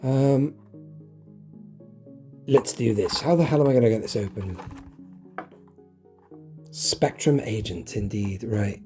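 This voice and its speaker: A man's voice: fairly low pitch, slow pace, long pauses, warm tone, faint music behind. Chatty collector guy unboxing. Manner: chatty, enthusiastic, talks to himself while unboxing. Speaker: collector vlogger. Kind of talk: casual unboxing chat. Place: home collection room.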